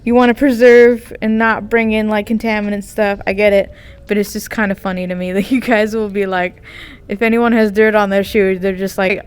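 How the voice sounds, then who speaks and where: A woman's voice: medium pitch, level tone, normal speed, smooth. A woman from England, talking in a giggly, rambling casual vlog and going off on tangents. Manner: giggly, tangent-prone, lots of fillers. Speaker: VTuber vlogger.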